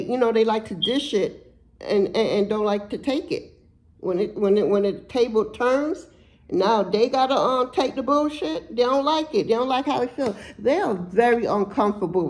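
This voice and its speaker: A woman's voice: fairly high pitch, poor audio. Blunt, profane woman doing a tarot reading. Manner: blunt, profane, emphatic street talk. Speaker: tarot reader.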